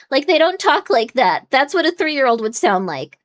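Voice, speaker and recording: A woman's voice: high-pitched, sing-song, normal speed, few pauses. A young woman hosting a live-stream watchalong, chatting casually with her viewers, rambling with lots of fillers and getting exasperated at times. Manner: rambling, many "like" and "um" fillers, gets loud and exasperated.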